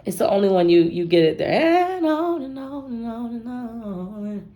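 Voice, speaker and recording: A woman's voice: on the high side, expressive, measured pace, warm tone, slight background noise. A woman giving a casual tarot reading, talking playfully and straight to her viewers. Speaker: tarot card reader.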